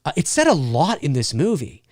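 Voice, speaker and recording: A man's voice: on the high side, wildly swooping pitch, brisk, a little mellow, no echo, clean studio sound. A man giving an unscripted spoken film review, thinking aloud and often restarting his sentences as he works out his opinion.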